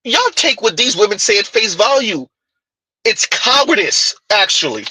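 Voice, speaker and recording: A man's voice: sits high, sing-song, normal speed, bright, forceful tone, husky, no echo, rough recording. A man giving heated, mocking reaction commentary on a clip, firing off rhetorical questions.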